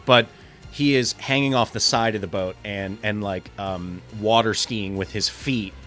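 A man with a somewhat low voice and a slightly raspy throat, chatting loosely on a podcast. He rambles, swears freely and keeps stopping to restart his sentences. Soft music plays faintly behind him. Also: a little slow. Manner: rambling and profane, full of ums and restarts. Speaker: podcast co-host. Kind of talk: casual podcast chat.

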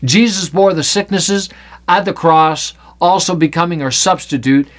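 Brief: male Bible teacher, high voice, playful and lively, reads scripture aloud with jokes. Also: normal speed.

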